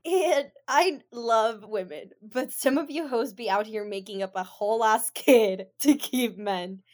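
A woman's voice: fairly high pitch, measured pace, a little mellow. A woman co-hosting a podcast in casual chat, blunt and profane, laughing often. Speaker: podcast co-host.

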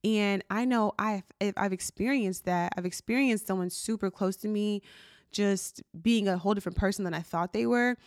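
A woman hosts her own podcast, talking casually and from the heart. Her speech is loose and chatty, full of "like" and "you know". Her voice sits at a middle pitch and sounds dry, with no room echo. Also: normal speed. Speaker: podcast host. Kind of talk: casual solo podcast talk.

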